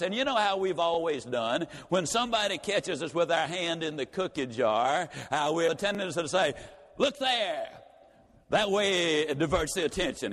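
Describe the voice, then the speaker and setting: A man's voice: fairly high pitch, fairly bright tone. A man telling a story as a motivational talk, running on with dramatic build. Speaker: motivational speaker. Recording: long reverb of a large hall.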